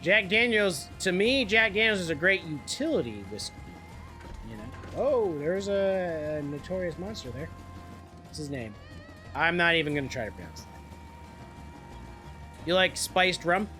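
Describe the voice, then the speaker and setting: Brief: young male streamer, rambling jokey chatter, bright, lively, faint music behind. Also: sits high, normal speed, pauses often. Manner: rambling, joking, swears freely. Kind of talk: casual gaming livestream chat.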